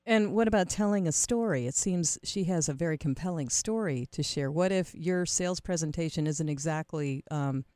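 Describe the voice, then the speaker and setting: A woman's voice: sits low, moderate pace, few pauses, warm tone, dry recording. A woman hosting an interview, asking curious questions with a light touch. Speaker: interviewer host.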